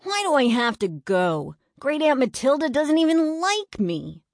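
A woman's voice: fairly low pitch, lively intonation, normal speed, dry recording. A woman voicing a grumpy, sarcastic young boy who whines and mutters in a children's storybook. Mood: grumbling. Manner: whiny, sarcastic.

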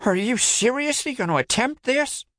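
A man voicing a sarcastic young male friend in a much higher voice, in a storybook reading. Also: animated, normal speed, a bit bright, no room sound, studio quality. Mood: skeptical.

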